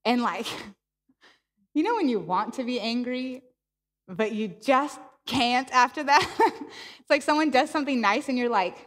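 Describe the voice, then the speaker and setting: A woman with a fairly high voice delivers a sermon in a church, telling her story in an animated way and acting out the dialogue. Her voice carries a long reverb from the hall around her. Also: moderate pace. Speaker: preacher.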